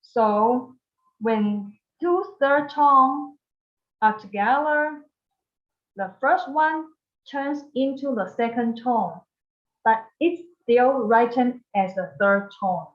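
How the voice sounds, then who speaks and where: A woman with a Taiwanese Mandarin accent leads a beginner language lesson, speaking at a very slow, deliberate pace. She models each word carefully so learners can repeat after her. Her voice sounds echoey and a little dull, as if recorded in a bare room. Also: a little high. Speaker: Mandarin teacher.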